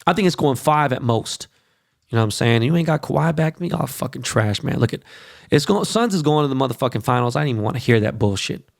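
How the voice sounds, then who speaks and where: A man's voice: mid-range voice, fast talker, gravelly, dry recording, studio quality. A man hosting a podcast, ranting casually and profanely about basketball and plugging events. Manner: profane, animated sports rant. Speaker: podcast host.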